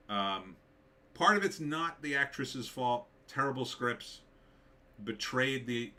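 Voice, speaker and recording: A man hosts a casual live stream, working through viewer comments and answering each with blunt, dismissive verdicts. His voice sits fairly low but has a bright, forceful edge. He talks loosely, with lots of "uh" and "um" between his points. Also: moderate pace. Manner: blunt, dismissive, opinionated, many fillers. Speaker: live stream host reading chat.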